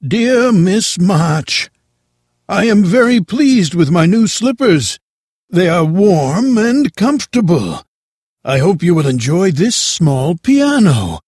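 A man voicing a kindly, wealthy old gentleman in a storybook reading, speaking slowly and courteously. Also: high voice, very animated, slightly rough, no echo, studio quality, pitched above the performer's own voice, heavily acted. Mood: warm.

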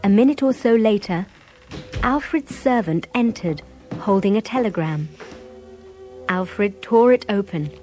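Woman, story narrator, measured clear reading, mid pitch, soft music behind. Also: animated, poor audio.

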